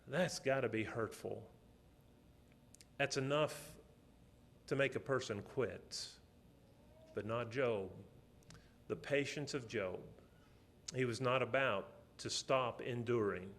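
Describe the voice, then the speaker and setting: A middle-aged man preaching a sermon, telling stories, swinging between loud, emphatic passages and quiet, soft ones. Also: medium pitch, slow pace, pauses often.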